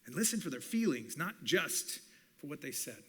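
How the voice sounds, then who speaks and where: Bright-voiced man teaching at church. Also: a little high, moderate pace, slightly rough. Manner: animated, acts out quoted dialogue. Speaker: communications professor.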